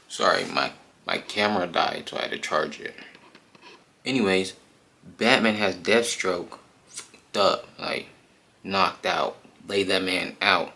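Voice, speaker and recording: A man retells a comic book in a loose, slangy way, animated and full of fillers. His voice is low and distinctly gravelly. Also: takes it slowly, long pauses.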